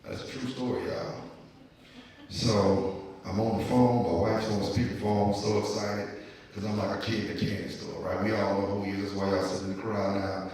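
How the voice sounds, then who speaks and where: A man hosts a live podcast in front of an audience and tells his stories with lively, laughing energy. His voice sits a little low. It rings through a big echoey hall, picked up from a distance with a long reverb tail. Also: a little fast. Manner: animated, laughing storyteller. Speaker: city councilman and podcast host. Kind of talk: live podcast hosting and storytelling.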